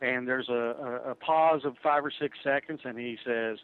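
A man's voice: mid-range voice, moderate pace, hardly any pauses. A man telling stories in a casual radio chat, rambling along with many fillers and restarts. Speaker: guest who verifies insurance applications. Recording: tinny phone-like radio audio.

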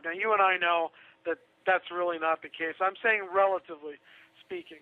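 A man's voice: high-pitched, steady tone, fairly quick, pushed and bright. A man talking casually on a radio show, chatty and sarcastic, laughing through his own asides. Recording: tinny phone line.

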